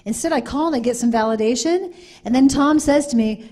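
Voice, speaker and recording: A woman's voice: sits high, a little fast, warm tone. Earnest woman on a conference panel. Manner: earnest, repetitive, acts out quoted voices.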